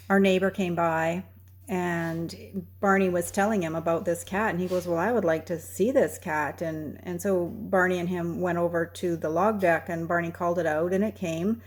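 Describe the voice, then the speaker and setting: Low-voiced woman telling a story. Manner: unhurried, recounting events step by step. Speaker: homestead channel co-host. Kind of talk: casual storytelling.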